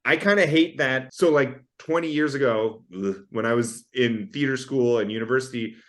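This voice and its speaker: A man's voice: mid-range voice, normal speed, a bit bright. A man, an actor from Canada, chatting as a guest on a podcast over a video call, joking and self-deprecating. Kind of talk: casual chat.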